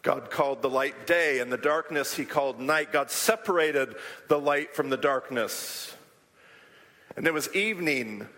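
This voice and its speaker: A man teaching a live group, animated, having them repeat Hebrew words aloud. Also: fairly high pitch. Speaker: podcast teacher. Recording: long hall reverb.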